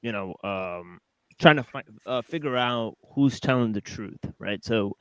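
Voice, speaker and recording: A man's voice: on the low side, expressive, unhurried, smooth, no echo. A man calling into an online group call, speaking hesitantly with many fillers. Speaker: caller in an online hangout.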